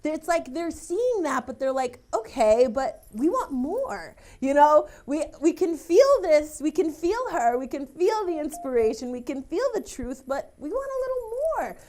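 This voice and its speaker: Young psychic lady on live tv, really high voice, gets teary and laughy passing on messages. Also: very animated, measured pace, hardly any pauses, warm tone. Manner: emotional, laughing, relaying messages in a rush. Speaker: psychic medium host.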